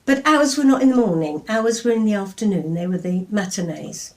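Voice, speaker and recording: A woman in her seventies from England chats in a storytelling way and reads her own poems in a lively voice. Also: medium pitch, a little fast, few pauses. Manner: chatty, anecdotal, lively reading voice. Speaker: poet. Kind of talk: storytelling and poetry reading.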